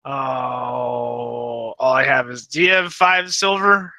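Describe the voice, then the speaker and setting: A man's voice: high voice, moderate pace, sharp tone, dry recording, low-quality recording. A man playing a tabletop game, talking brashly in character with jokes. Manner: brash, joking. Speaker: player.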